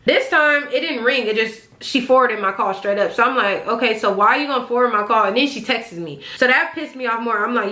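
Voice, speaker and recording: A young woman telling a story to her vlog in a casual way, animated and exasperated, swearing freely as she recounts it. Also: on the high side, fairly quick, few pauses. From California, Bay Area region. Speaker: vlogger. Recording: echoey room.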